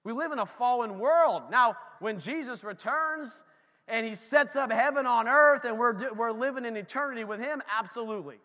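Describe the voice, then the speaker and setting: A pastor preaching a lively, conversational sermon in a church, talking straight to his congregation. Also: very high-pitched, normal speed, big-room sound.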